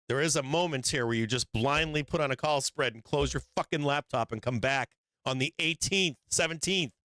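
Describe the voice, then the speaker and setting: A man's voice: mid-range voice, a bit bright, no room sound. A man hosting a live stock market show, giving blunt and profane trading commentary with frequent emphatic swearing and laughs between points.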